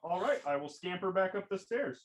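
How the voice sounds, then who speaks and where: High, animated man playing a tabletop game. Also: a little fast. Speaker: player. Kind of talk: casual tabletop play.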